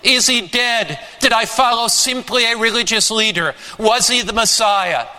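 A man preaching a sermon, slow and emphatic, repeating his refrains. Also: extremely high pitch, bright, forceful tone. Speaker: pastor. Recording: long hall reverb.

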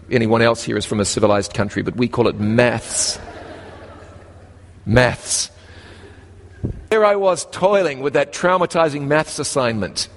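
Long hall reverb colors this storytelling sermon from a man from New Zealand who speaks with a New Zealand accent. His delivery is animated, with sharp swings up and down in pitch and slow, emphatic phrasing.

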